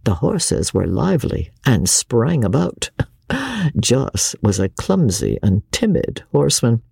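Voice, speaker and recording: A woman reading a classic novel aloud as an audiobook narrator, in expressive, measured storytelling. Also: very deep voice, gravelly, slightly rough, dry recording. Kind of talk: scripted narration.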